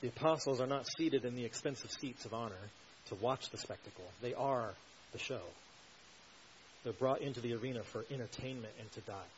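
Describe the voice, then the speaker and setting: A man's voice: medium pitch, brisk. A man preaching an expository sermon, explaining a passage with earnest emphasis. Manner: earnest, explanatory, builds emphasis on key points. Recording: slightly dull recording with faint hiss.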